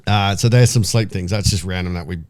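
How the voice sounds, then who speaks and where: A man co-hosting a podcast, making blunt, jokey reactions and asking quick questions in casual chat. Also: deep voice, a little mellow, clear, resonant tone, no room sound, studio quality. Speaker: podcast co-host.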